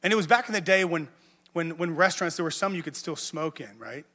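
Bright-voiced man preaching in a hall. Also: fairly high pitch, a little fast. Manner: conversational, self-mocking, repeats words when excited. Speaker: pastor. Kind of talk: sermon storytelling. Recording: music under a long hall echo.

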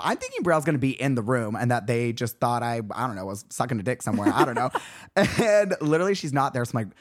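A young man in his twenties hosts a casual podcast chat, his voice swinging widely in pitch as he tells a story. He throws himself into the quotes, acting them out as he goes. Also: fast talker. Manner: animated storyteller, acts out quotes with big pitch jumps. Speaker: podcast host.

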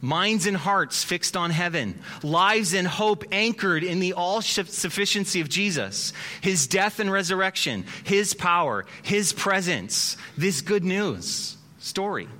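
A male pastor preaching a sermon in an animated, conversational way with dramatic pauses. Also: high-pitched.

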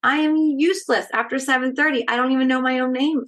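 A woman's voice: high-pitched, steady tone, a little fast, few pauses, fairly bright tone. A woman speaking as a stress management educator in a casual podcast interview, talking directly and energetically and often checking in with "right?".

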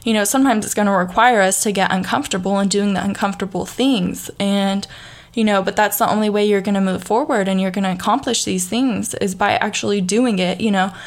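A woman's voice: medium pitch, steady tone, a little fast. A young woman with a Southern accent talks through a casual motivational podcast monologue, full of fillers and restarts. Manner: chatty, frequent fillers and restarts, laughs easily. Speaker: podcast host.

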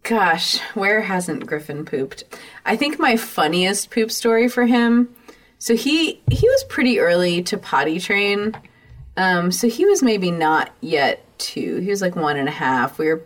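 Female podcast co-host, medium pitch, loose and profane storyteller who laughs often. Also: lively intonation, unhurried. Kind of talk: casual chat.

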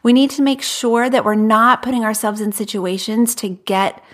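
A woman's voice: on the high side, normal speed. A woman in her thirties hosting a podcast, giving earnest, direct advice and speaking candidly about her own life. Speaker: podcast host. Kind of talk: podcast monologue.

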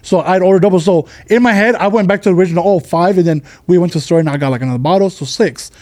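High-voiced quick defensive man. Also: a little mellow. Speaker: podcast co-host. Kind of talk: casual chat.

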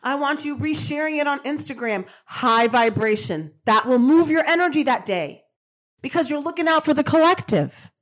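In her motivational spiritual podcast, a Colombian-American host repeats affirmations emphatically and curses casually as she speaks in a monologue. Her voice is high-pitched and animated, at a moderate pace.

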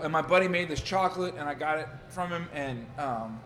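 A man's voice: fairly high pitch, a little fast, fairly bright tone. Man, casual podcast host, swearing storyteller, reverberant room. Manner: loose, profane storytelling. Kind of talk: casual chat. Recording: reverberant room, faint noise.

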